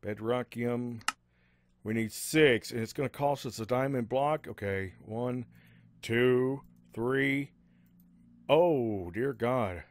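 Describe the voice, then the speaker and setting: Slow and rambling, a man talks over a game let's-play, pitching his voice above its natural low register and filling it with asides and fillers. Slight background noise is audible.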